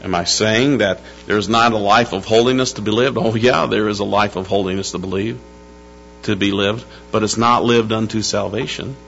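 Emphatic preacher with a bright voice. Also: male voice, lowish voice, fairly even intonation, creaky. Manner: emphatic preaching, slowing to stress words, calling out to the church. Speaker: pastor. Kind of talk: sermon. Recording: dull lo-fi sound with faint music and hum.

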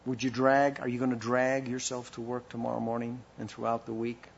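A man's voice: mid-range voice, completely flat delivery, a little fast, vocal fry, muffled recording, slight background noise. A man preaching a sermon as pastor, with impassioned rhetorical questions and a delivery that rises and falls.

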